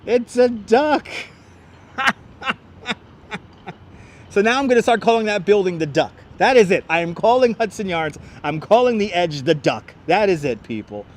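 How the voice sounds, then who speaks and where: A man's voice: high voice, big pitch swings, normal speed, long pauses. A man hosting a casual live-stream walking tour outdoors, chatting to viewers and laughing often, on a clip-on mic. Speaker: livestream host. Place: outdoors on an elevated city park walkway. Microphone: wireless clip-on mic.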